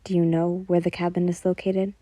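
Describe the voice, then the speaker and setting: A flat, monotone teenage boy hero, calm and quietly soothing, as a woman reads his lines. The tone stays mellow and close, in a dry room. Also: lowish voice, a little fast, no echo, natural voice.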